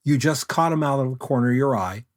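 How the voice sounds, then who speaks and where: An older man, a photography guest, telling stories in a relaxed, unhurried interview chat. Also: medium pitch. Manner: unhurried anecdotal storyteller.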